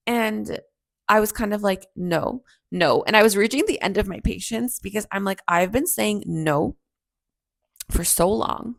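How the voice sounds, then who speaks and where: A woman's voice: medium pitch, measured pace, gravelly, no echo. A woman in her thirties hosting a podcast, chatting reflectively through a personal story and acting out the people in it. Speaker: podcast host.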